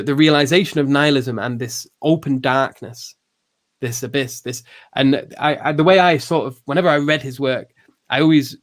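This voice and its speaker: A man hosting a podcast, explaining philosophy in a loose, thinking-aloud way with many restarts and fillers. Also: medium pitch. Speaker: podcast host. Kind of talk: casual philosophical discussion.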